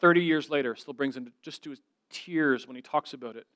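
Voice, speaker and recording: A man's voice: mid-range voice, fast, a bit bright, no echo. A middle-aged man giving an earnest, conversational sermon as a guest speaker, telling stories and voicing the people he quotes.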